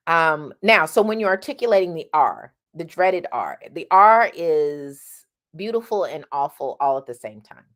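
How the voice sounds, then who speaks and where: Low-voiced woman teaching singing. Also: lively intonation, a little slow, fairly bright tone. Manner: chatty, often asks "right?"; demonstrates sounds mid-sentence. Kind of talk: casual vocal lesson.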